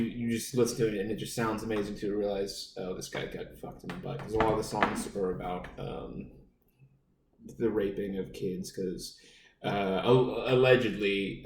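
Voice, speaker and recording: A man's voice: fairly low pitch, distant mic. Ranting, swearing podcast guy in echoey room. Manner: rambling, heated, swears constantly. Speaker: podcast co-host. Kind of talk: casual profane podcast banter. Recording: echoey room, voice off-mic, faint noise.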